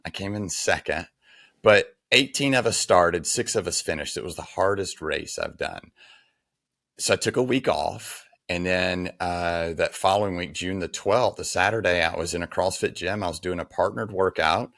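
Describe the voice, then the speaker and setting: A man's voice: low voice, moderate pace, a bit bright, no echo, clean studio sound. A man in his forties, a podcast guest, telling a personal story in an earnest, frank, conversational way. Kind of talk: casual storytelling interview.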